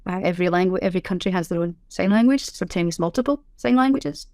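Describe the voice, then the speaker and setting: A woman's voice: lowish voice, fast talker, a little mellow, dry recording. Woman, middle-aged, chatty guest; dry close mic. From Scotland. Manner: chatty, self-correcting, explanatory. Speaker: sign language interpreter, podcast guest. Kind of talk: casual interview chat.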